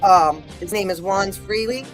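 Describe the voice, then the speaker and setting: A woman's voice: medium pitch, a little slow, faint music behind. A woman hosting a podcast interview, gushing and enthusiastic as she rambles with many restarts. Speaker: podcast host. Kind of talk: casual interview chat.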